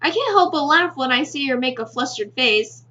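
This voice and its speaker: High, bright woman reading a game aloud. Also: normal speed. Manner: steady first-person narration with small stumbles. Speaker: game reader. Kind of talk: reading a visual novel aloud. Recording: slightly muffled with faint music.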